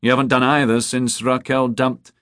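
A man's voice: mid-range voice, moderate pace, clear, resonant tone, dry recording, studio quality, pitched above the performer's own voice, natural voice. Man doing an eager young junior cop. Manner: chatty, excitable. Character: eager young male police detective, junior colleague.

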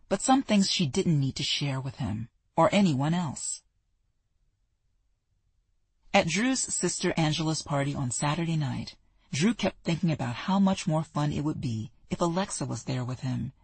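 An audiobook narrator tells a romance story in an even, storytelling manner. The voice is soft and husky at a middle pitch. The recording is dry and close. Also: normal speed, no room sound. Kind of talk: scripted narration.

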